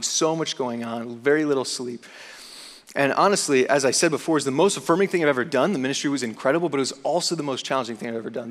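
A young man, a student chaplain, speaking from the stage in a university chapel and telling a personal story with animated energy. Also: mid-range voice. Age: young adult. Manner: animated storyteller, acts out his own panic. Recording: long hall reverb.

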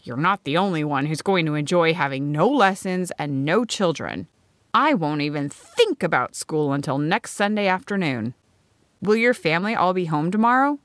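A woman's voice: sits low, animated, normal speed, fairly bright tone, dry recording. A woman voicing a teasing young woman friend in an audiobook.

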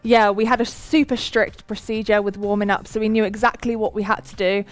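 A woman's voice: mid-range voice, little pitch movement, fairly quick. Cheerful female co-host and ex-racer, casual on-air talk. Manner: cheerful, laughs easily. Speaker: co-host and former Olympic cyclist. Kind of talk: casual live-stream chat.

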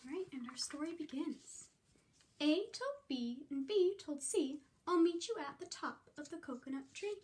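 A woman preschool teacher reading a picture book aloud to young children, slow and sing-song, coaxing them to join in. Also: high-pitched, animated, darkish tone, a little hiss or hum.

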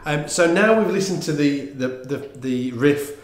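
A man giving a casual online bass lesson, talking in a relaxed, rambling way with lots of fillers and restarts. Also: unhurried, echoey room. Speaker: bass teacher. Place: room with instruments, bass played along.

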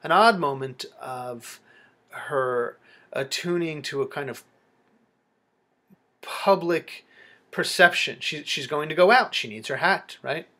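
Guy doing a slow close reading of a poem, kinda high voice, lots of uh and restarts. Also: bright, forceful tone. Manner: halting and reflective, with frequent fillers and restarts. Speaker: literature lecturer.

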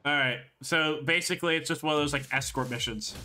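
A man streaming a game, tossing out irreverent jokes. His voice is bright and forward, sitting slightly high. Game music plays softly behind him. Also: fast. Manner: joking, irreverent. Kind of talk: let's play commentary.

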